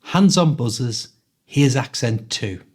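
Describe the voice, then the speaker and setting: A man with a mild Liverpool Scouse accent hosting an accent quiz, upbeat, clear and instructive. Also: mid-range voice, lively intonation, slow pace, a little mellow. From Liverpool, England. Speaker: host and English coach.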